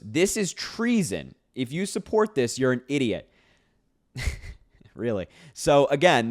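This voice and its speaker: A man's voice: medium pitch, clean tone. Sarcastic man doing video commentary. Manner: sarcastic, incredulous, reacting to posts; laughs between points. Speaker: political commentator.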